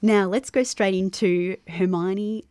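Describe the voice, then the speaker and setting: A woman's voice: mid-range voice, steady tone, slow, darkish tone, clear, resonant tone, no echo. A woman interviewing a poet and introducing each segment in an upbeat way.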